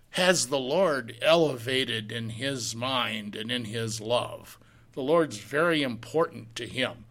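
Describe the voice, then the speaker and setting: A man's voice: mid-range voice, a bit bright. A man preaching a sermon, teaching a Bible passage verse by verse, reading the scripture in old-fashioned wording and asking rhetorical questions. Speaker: pastor.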